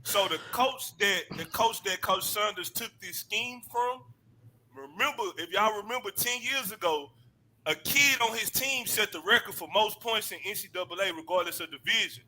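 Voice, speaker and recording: A man co-hosts a casual sports talk show. His voice is very bright and sits a little high. He tells animated stories and laughs often. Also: normal speed, slight background noise, rough recording. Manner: animated storyteller, acts out quotes, laughs often. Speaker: podcast co-host.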